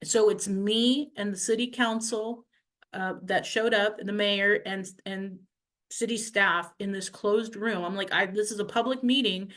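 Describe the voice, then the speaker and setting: A councilwoman recapping events to her viewers, animated, acting out the people she quotes. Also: mid-range voice, a little slow. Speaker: city councilwoman.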